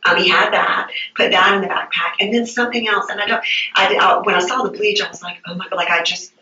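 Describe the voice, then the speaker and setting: A woman's voice: mid-range voice, steady tone, fairly quick, pushed and bright. A woman recounting events to a detective in a police interview, hesitant and stumbling, repeating her words. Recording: muffled roomy archive interview tape, distant.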